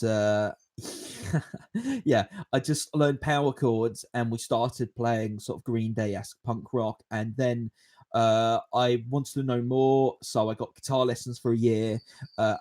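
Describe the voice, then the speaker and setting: A man in his twenties talks casually on his own podcast. He spins a long anecdote and answers viewer questions with lots of fillers and chuckles. His voice sits at an ordinary middle pitch. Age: 20s. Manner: rambling, animated, chuckles often. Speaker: podcast host.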